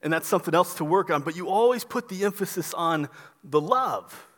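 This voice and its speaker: High-voiced preacher in a reverberant hall. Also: male voice, animated, fairly quick. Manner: emphatic preaching, repeats phrases, drops soft on key words. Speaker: pastor. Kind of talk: sermon.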